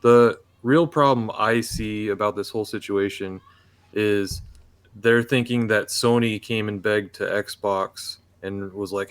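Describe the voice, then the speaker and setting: A man with a somewhat low voice speaks on a casual gaming podcast panel. He talks at length and circles back on his words, with a frustrated edge. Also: steady tone, unhurried, smooth. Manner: rambling, repeats words, frustrated tone.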